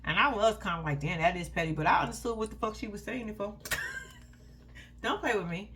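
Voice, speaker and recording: A woman's voice: medium pitch, fast, a bit bright, slight background noise. A woman giving casual commentary on a reality show, blunt, heated and full of profanity, and talking straight to her viewers. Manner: addresses viewers directly as "y'all".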